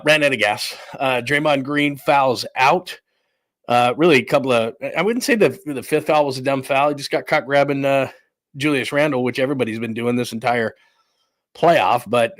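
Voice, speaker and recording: A man's voice: medium pitch, fairly bright tone, dry recording. A breathless, rambling man host in a dry room. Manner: rambling, loose, chatty, thinking aloud. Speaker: sports podcast host. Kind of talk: casual live-stream chat. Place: room at home under renovation.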